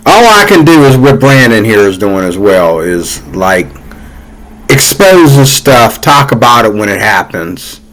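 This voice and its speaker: A man's voice: lowish voice, sing-song, unhurried, a bit bright, rough recording. A man hosting a commentary channel, reacting heatedly to news clips in a casual, repetitive way. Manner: heated, repetitive, conversational with fillers.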